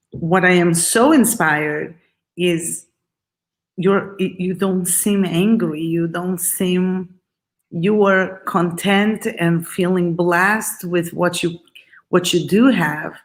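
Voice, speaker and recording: A woman hosting an interview, speaking in an emotional, heartfelt way. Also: lowish voice. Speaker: host. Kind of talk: interview talk.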